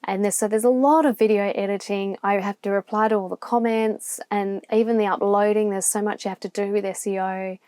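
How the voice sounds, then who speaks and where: A woman's voice: mid-range voice, steady tone, a little fast, few pauses, darkish tone, clean tone, no echo. Reflective Australian woman vlogging from her van. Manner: open, reflective, rambling with restarts. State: near tears at times. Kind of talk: candid solo vlog to camera. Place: campground, inside a van.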